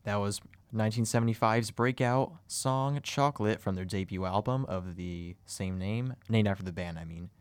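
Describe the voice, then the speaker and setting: A man's voice: fairly low pitch, normal speed, clear, resonant tone, no room sound. A man hosting a show, giving casual, loose commentary on songs.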